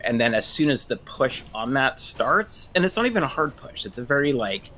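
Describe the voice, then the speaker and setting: A man's voice: mid-range voice, sing-song, normal speed, sharp tone, a little hiss or hum. A man in his thirties, a therapist, talking casually and hesitantly with many restarts. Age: 30s. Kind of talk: casual discussion.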